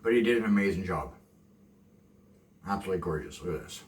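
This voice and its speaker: A man from Canada, chatting calmly and softly to the camera while cooking in his home kitchen, rambling off into asides. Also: deep voice, a little hiss or hum. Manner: deliberately soft and calm, rambling asides. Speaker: cooking vlogger. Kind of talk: casual cooking chat to camera. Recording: echoey kitchen, mic from far off.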